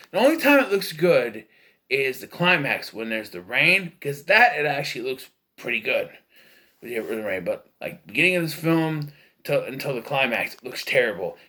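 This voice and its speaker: A man's voice: medium pitch, bright, forceful tone. A man giving a casual, rambling, opinionated film review, full of fillers and restarts. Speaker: movie reviewer.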